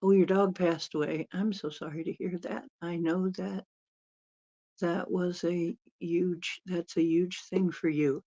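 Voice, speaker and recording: A woman's voice: lowish voice, steady tone, a little slow, warm tone. A woman hosting a casual live-stream Q&A as a spiritual channeler, chatting in a rambling way and laughing often. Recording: dull lo-fi sound.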